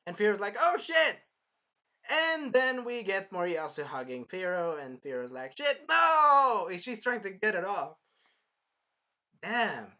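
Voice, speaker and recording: Male anime reviewer, high and lively voice, casual and profane, acts out the characters. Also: moderate pace. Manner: animated, swears a lot, acts out characters' lines.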